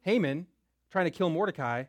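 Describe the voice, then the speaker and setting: A young man with a high voice walks listeners through a Bible story. He talks casually and keeps checking in with "right?". The sound is close and dry. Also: expressive, moderate pace, dry recording. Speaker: Bible teacher. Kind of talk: lively Bible lesson.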